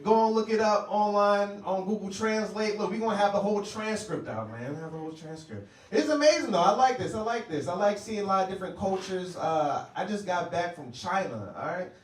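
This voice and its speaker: A man from the United States doing a brash stand-up set, ribbing the audience. His voice sits high. The room is echoey and the mic is some distance away. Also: brisk, hardly any pauses. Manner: brash, joking, works the crowd. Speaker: stand-up comedian. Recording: roomy club sound, distant mic.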